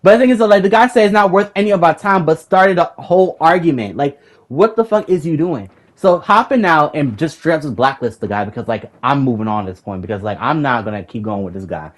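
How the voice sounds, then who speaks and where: A man's voice: on the high side, expressive, brisk. Fired-up, foul-mouthed young man. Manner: profane, rambling, repeats himself when worked up. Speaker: gamer recounting a raid group argument. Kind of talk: heated casual storytelling.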